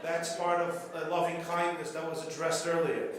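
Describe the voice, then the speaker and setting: A man's voice: on the high side, completely flat delivery, normal speed. A man, a rabbi, giving an after-dinner keynote speech, telling jokes and repeating phrases for dramatic effect. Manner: storytelling with jokes and dramatic repetition. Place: large banquet hall. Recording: very echoey hall with faint room noise.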